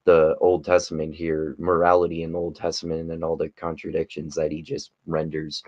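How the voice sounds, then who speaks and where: A man's voice: a bass voice, monotone, fairly quick, dry recording, lo-fi sound. A man giving casual, rambling commentary on a video clip, with many restarts and fillers. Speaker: commentary YouTuber.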